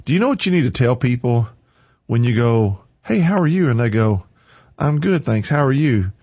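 A man's voice: mid-range voice, animated, normal speed, dark tone, no echo. Man, Christian radio morning host, preachy, encouraging, dry studio sound, slightly muffled. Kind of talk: casual on-air talk.

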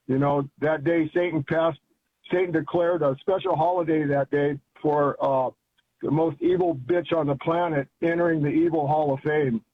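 A man's voice: on the high side, slightly rough, dry recording. Older male caller on a tinny phone line. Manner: rambling, enthusiastic, colloquial. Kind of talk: phone-in chat.

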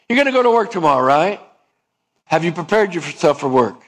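A pastor preaches conversationally, asking his congregation questions and acting out little dialogues to illustrate his points. His voice is a little high, with big pitch swings, and he speaks a little fast.

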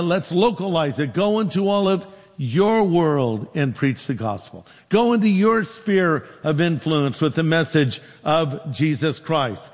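A man pastor preaching a sermon, telling a story with lively quoted dialogue. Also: fairly high pitch, in a large hall.

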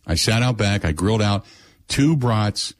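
Host in his middle years, animated storyteller, close dry mic. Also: on the low side, measured pace, no echo. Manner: animated storyteller, acts out his own lines. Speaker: radio show host. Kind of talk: casual chat.

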